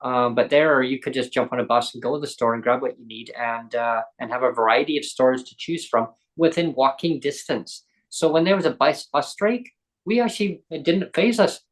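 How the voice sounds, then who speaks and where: A man's voice: mid-range voice, moderate pace, poor audio. Earnest man hosting a podcast. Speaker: podcast host. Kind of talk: casual podcast chat.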